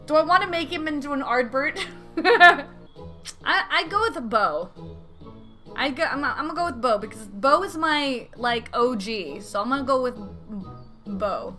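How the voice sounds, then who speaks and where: A woman chats casually over her gameplay, giggly and self-deprecating. Her voice is high and bright. Faint music plays underneath. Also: expressive, measured pace. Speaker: let's play streamer.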